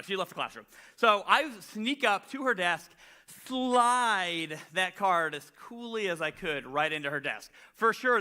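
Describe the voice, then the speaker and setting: Male pastor, casual sermon storytelling, self-deprecating, high bright tone. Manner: animated, self-deprecating storyteller, many "like" fillers.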